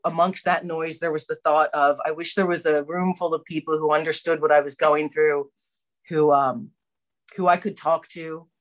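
A woman with a somewhat low voice tells her own story of recovery. She speaks candidly and haltingly, circling back with fillers and restarts as she recalls the past. Her tone is personal and unscripted. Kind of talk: personal testimony talk.

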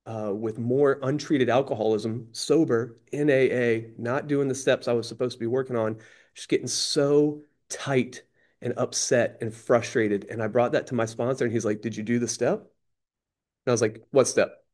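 A man's voice: medium pitch, fairly even intonation, normal speed, darkish tone. Casual, self-deprecating man sharing his story. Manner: casual, slangy, self-deprecating, many restarts. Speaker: AA member sharing. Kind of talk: candid recovery share.

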